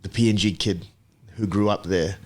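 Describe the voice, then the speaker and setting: A man in his thirties from Papua New Guinea, a podcast guest telling his story in a relaxed, reflective way with many ums and restarts. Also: low-pitched, normal speed. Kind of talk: casual interview chat.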